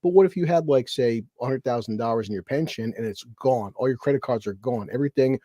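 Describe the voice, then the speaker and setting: Dark-voiced man swearing in casual chat. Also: mid-range voice, no room sound, highs cut off. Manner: animated, swears freely, quick restarts. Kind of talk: casual chat on a live stream. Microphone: video call.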